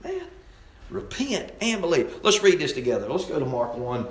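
Impassioned preacher in an echoey church. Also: male voice, big pitch swings, a little fast. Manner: impassioned, swings from loud outbursts to low asides. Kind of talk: fiery sermon. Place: church sanctuary. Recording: roomy church echo.

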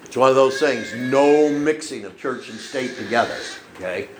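A man's voice: mid-range voice, normal speed, echoey room, music in the background, low-quality recording. A man preaching a sermon in a folksy storytelling way, often checking in with the congregation with "okay?". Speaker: pastor. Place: church.

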